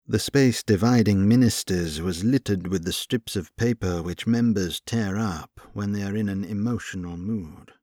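A man narrates a scripted audiobook in a low-leaning voice, keeping an even, measured storytelling tone, recorded dry at studio quality.

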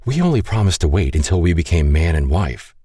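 A man with a husky voice voicing a playful, tender young woman about to marry, speaking softly and teasingly, set somewhat higher than his own voice. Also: sing-song, a little fast, no echo, studio quality, full character voice. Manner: soft, teasing, gently pleading.

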